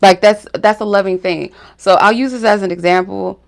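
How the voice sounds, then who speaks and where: A woman's voice: medium pitch, fairly even intonation, moderate pace, creaky. A woman hosting her spiritual reading channel, talking frankly to camera in a casual monologue full of fillers and asides. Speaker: spiritual reader and channel host.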